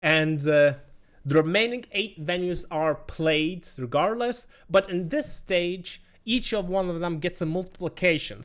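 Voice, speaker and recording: A man casting an esports tournament, walking through results with small self-deprecating jokes. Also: a little high. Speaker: esports caster. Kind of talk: tournament commentary.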